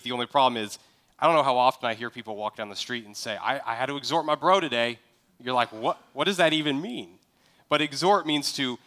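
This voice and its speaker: A man's voice: medium pitch, bright, forceful tone. A man preaching a conversational sermon as a pastor, acting out sample dialogue to make his points.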